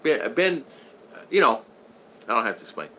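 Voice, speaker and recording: Bright-voiced older man chatting. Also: mid-range voice, big pitch swings, normal speed. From United States. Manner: rambling anecdotal storyteller with frequent restarts. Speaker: vlogger reading live chat. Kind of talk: casual livestream chat.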